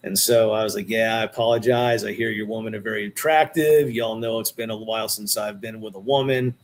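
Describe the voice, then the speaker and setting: A middle-aged man, a guest on a podcast, telling a long story in a casual, animated way and often calling people "dude.". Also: on the low side, brisk, a little hiss or hum.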